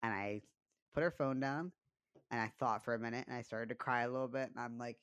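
This podcast co-host, a young man, speaks fairly quickly in a mid-range voice that's a bit bright, clear and resonant, with fairly even intonation on a dry recording. He shares a personal story confessionally and casually, with plenty of fillers and swearing.

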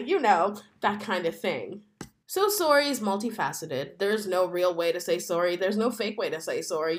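Woman podcast host in her 30s, chatty and wry, voice jumps all over, laughs a lot. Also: a little high. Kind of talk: solo podcast monologue.

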